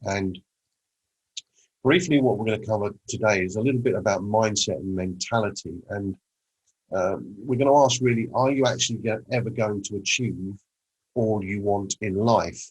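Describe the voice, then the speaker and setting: A man's voice: on the low side, moderate pace, breathy edge, low-quality recording. A man presenting a motivational talk on mindset, telling a story and acting out the conversations in it. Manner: storytelling, acts out quoted conversations.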